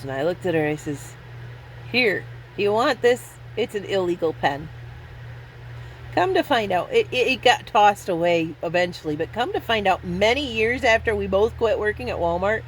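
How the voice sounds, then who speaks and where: A woman in her fifties drifts through memories at an unhurried pace, laughing at herself as she loses count. The tone is casual and self-deprecating, and a faint background hum sits under her voice. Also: mid-range voice, low-quality recording. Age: 50s. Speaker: vlogger. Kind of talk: casual storytelling vlog.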